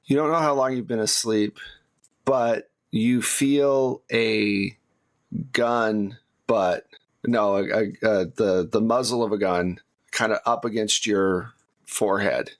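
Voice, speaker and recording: A man with a fairly low voice narrates a tabletop role-playing game as its game master. He describes each scene in a relaxed, offhand way. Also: takes it slowly. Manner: relaxed, laughs often, casual restarts.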